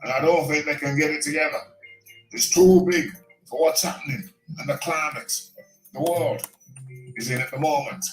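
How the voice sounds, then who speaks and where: A man's voice: mid-range voice, very slow, pauses often. A man doing an impression of a blunt older northern English boxing father who rants in indignant questions. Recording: roomy echo, faint music.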